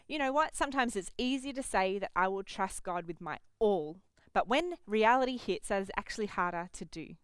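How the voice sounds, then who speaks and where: Smooth-voiced woman teaching children. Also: medium pitch, animated, brisk, few pauses, no echo. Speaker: children's pastor.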